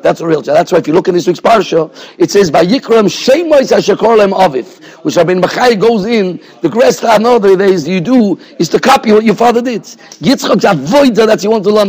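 A man's voice: sits high, a little fast, few pauses, darkish tone, slightly rough. A man, a rabbi giving a Torah class in a yeshiva, explaining points in a discursive way and often checking in with "right?". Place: yeshiva study hall.

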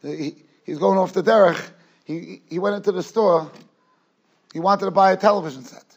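A man giving a lecture as a rabbi, emphatic one moment and hushed the next, often repeating his phrases. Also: high voice, normal speed. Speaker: rabbi giving a Torah class. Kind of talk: yeshiva lecture. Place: yeshiva study hall.

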